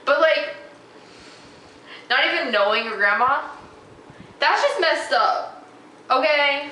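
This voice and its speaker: A woman's voice: high voice, expressive, slow, pushed and bright. A young woman telling a story on her vlog, worked up and emotional as she retells an argument. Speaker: vlogger. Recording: echoey room with faint noise.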